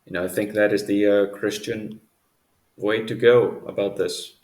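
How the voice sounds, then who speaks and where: Male podcast co-host, low-ish voice, slow and halting, echoey room. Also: fairly even intonation, a little mellow. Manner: halting, many fillers and restarts. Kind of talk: casual religious discussion.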